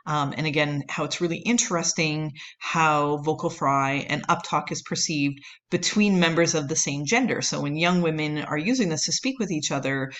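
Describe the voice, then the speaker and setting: Low-voiced woman giving a lecture. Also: normal speed, a bit bright, lo-fi sound. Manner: explanatory, many fillers and "right?" checks. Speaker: anthropology lecturer. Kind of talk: recorded lecture.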